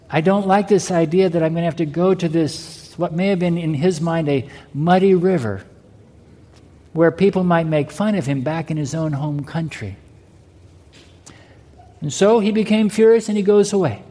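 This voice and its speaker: A man's voice: sits high, warm tone. A male pastor preaching a sermon, often asking the congregation whether they heard him. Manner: preaching with rhetorical questions to the congregation. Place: church sanctuary. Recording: long hall reverb.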